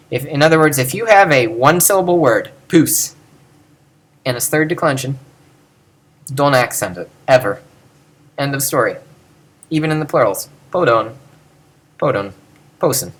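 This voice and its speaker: A man's voice: mid-range voice, fairly bright tone. A man teaching a casual lecture, chatty and self-correcting, often chuckling at himself. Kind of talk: lecture on Greek accents.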